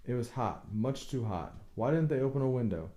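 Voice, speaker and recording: A man narrating a novel in the first person, in a hushed, anxious inner voice. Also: mid-range voice, expressive, moderate pace. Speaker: audiobook narrator.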